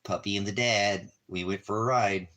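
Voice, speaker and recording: A man talking softly to his dog in doting, repetitive baby talk, now and then addressing his viewers. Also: on the low side, fairly even intonation, normal speed. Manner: soft, doting baby talk with repeated phrases. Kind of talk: casual talk to a pet.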